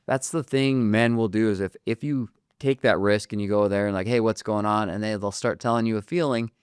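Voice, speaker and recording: A man, a therapist and podcast guest, talking in an animated way and acting out dialogue as he tells stories. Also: on the low side, brisk, clean tone, no room sound, studio quality. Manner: animated storyteller, acts out dialogue. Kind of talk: casual podcast conversation.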